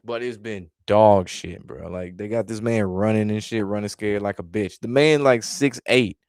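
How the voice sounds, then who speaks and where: Vlog host, male, low smooth voice, dry close sound, blunt exasperated ranting delivery. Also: moderate pace, darkish tone, dry recording. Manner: exasperated, blunt, heavy swearing. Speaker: wrestling commentary vlogger. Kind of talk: casual profane rant reacting to chat.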